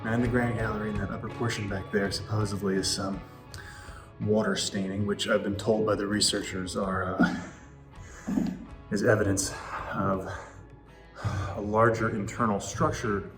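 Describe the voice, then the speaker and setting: A man's voice: on the low side, level tone, moderate pace, pauses often. A man giving a casual travel vlog tour inside a pyramid, chatty and explaining as he walks. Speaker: travel vlogger and tour guide. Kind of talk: casual on-location tour commentary. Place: inside narrow stone passages of a pyramid. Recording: echoey stone interior with music behind. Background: background music.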